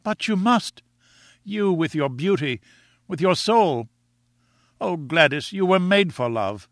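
A man's voice: high voice, expressive, slow, no room sound, studio quality, voice pushed up, full character voice. A man reading aloud voices an earnest, lovestruck young man who pleads eagerly with the woman he loves.

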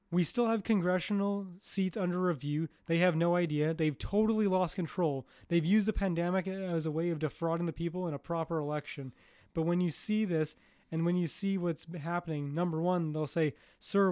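A man co-hosting a podcast, talking politics in casual chat, animated and swearing as he acts out mock quotes. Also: a little high, clean tone. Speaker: podcast co-host.

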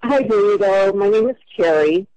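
A woman's voice: mid-range voice, expressive, unhurried, warm tone, no room sound, muffled recording. An older woman calling about an ad, leaving a hesitant, patient voicemail and repeating herself. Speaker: caller answering an ad.

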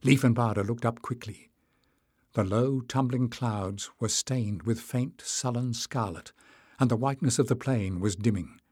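A man narrating an audiobook in a measured storytelling manner. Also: mid-range voice, a little mellow, husky, dry recording, clean studio sound. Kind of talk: scripted narration.

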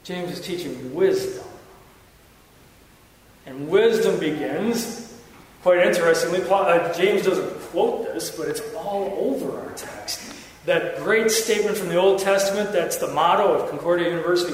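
A man's voice: sits high, moderate pace. A male pastor preaching a sermon, emphatic and repetitive, with joking self-mocking asides to the congregation. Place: church sanctuary. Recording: echoey church hall from far off, faint noise.

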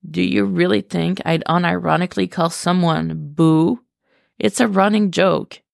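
A woman's voice: on the low side, steady tone, measured pace, gravelly, no room sound, clean studio sound. A woman reading a podfic, voicing a flustered young man who keeps insisting it was a joke. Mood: defensive. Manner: defensive, exasperated.

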